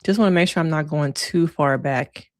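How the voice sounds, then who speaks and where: A woman's voice: sits low, normal speed, no room sound, studio quality. A woman therapist giving casual, frank livestream commentary with plenty of slang and laughter. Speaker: therapist reviewing reality TV.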